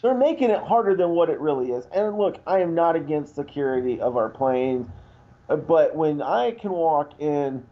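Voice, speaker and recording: A man's voice: a little high, animated, moderate pace, muffled recording. A man co-hosting a radio talk show, ranting indignantly in casual banter. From Irish heritage.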